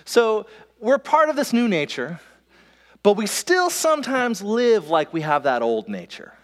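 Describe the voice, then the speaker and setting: A man preaching a sermon as pastor, in a conversational way, with quick asides and restarts. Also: high voice, big pitch swings. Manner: conversational, self-interrupting, with quick asides and laughs. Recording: long hall reverb.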